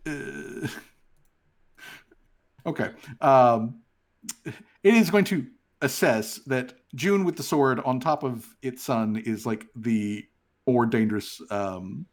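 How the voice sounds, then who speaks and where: Unhurried male game master. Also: medium pitch. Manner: laid-back, many fillers and restarts. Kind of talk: narrating a tabletop game.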